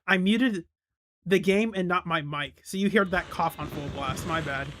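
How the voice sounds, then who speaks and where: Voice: mid-range voice, normal speed, noisy background. A streamer giving casual gameplay commentary, chatty and self-deprecating.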